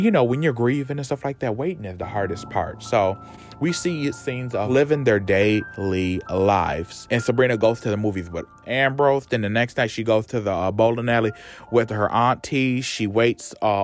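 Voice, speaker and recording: A man giving a campy, sassy, profane recap of a TV show. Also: mid-range voice. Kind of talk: casual TV recap. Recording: music playing under voice.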